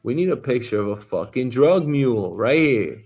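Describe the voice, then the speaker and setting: A man's voice: medium pitch, animated, moderate pace, narrow, tinny audio, soft background music. A man hosting a news talk stream as a comedian, rambling and swearing freely, with lots of filler words. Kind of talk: casual profane commentary.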